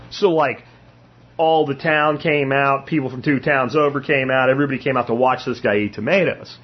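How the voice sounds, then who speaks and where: A man's voice: medium pitch, steady tone, fairly quick, husky, lo-fi sound. A man hosting a solo podcast, talking casually and bluntly, rambling and swearing as he tells a story and acts out quotes. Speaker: podcast host.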